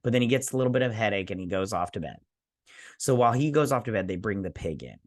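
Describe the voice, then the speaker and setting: Casual man recapping with animated asides. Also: fairly low pitch, fast, no room sound, clean studio sound. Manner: animated storytelling, acting out characters' lines with fillers. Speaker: show host reviewing a TV episode. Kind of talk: casual recap with quoted voices.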